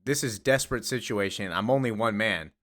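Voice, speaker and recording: A man playing a calm superhero from a comic, speaking in an earnest, steady, matter-of-fact way. It stays close to a plain everyday man's voice. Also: on the low side, brisk, natural voice. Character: calm heroic male superhero.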